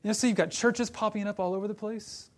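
Animated male pastor preaching. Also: high-pitched, quick pace. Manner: conversational, animated when retelling stories. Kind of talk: sermon.

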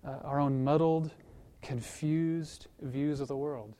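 A male pastor preaching a sermon in a conversational way, telling a story with lively acted-out voices and repeating words as he restarts, then praying. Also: fairly high pitch, slow pace. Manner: animated storytelling, acts out quoted voices.

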